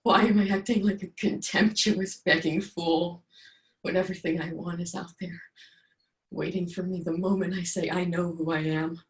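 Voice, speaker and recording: A woman performing a monologue as a frustrated young man confronting his father, swinging from hushed lines to shouting. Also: low-pitched, steady tone, moderate pace, pauses often. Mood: impassioned. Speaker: acting student. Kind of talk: dramatic monologue. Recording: roomy echo.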